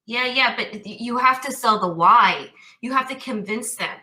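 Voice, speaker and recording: A woman's voice: fairly high pitch, normal speed, sharp tone, rough recording. A woman talking as a cyber risk expert guest, thoughtful and full of restarts. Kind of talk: casual interview talk.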